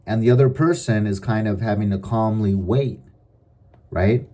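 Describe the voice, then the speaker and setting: A middle-aged man giving advice in a calm, measured, deliberate monologue. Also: fairly low pitch. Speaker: advice vlogger.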